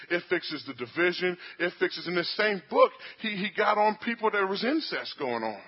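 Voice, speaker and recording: A man preaching a sermon, building to fervent peaks with amens and hallelujahs and dropping low for quoted voices. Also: slightly rough, dull audio. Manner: rising to shouted fervor with amens and hallelujahs.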